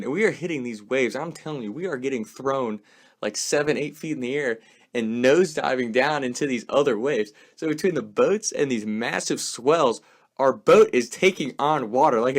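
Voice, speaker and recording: Swearing young guy telling a story. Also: medium pitch. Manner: swears a lot, fills speech with "like". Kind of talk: casual storytelling.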